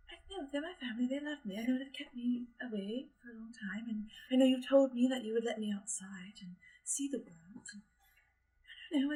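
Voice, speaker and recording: A woman voicing a frail, sheltered young noblewoman who talks softly and breathlessly, in a tabletop role-play. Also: sits high, natural voice.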